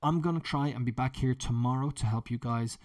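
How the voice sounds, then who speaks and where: A man's voice: medium pitch, a little fast, darkish tone. A man teaching an English lesson, explaining vocabulary with example sentences in a chatty way. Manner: chatty, with frequent fillers and restarts.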